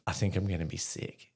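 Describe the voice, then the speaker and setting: Gravelly and low, the voice belongs to a middle-aged Australian army veteran guesting on a podcast. He recounts a story in relaxed conversation, swearing without restraint and leaning on fillers.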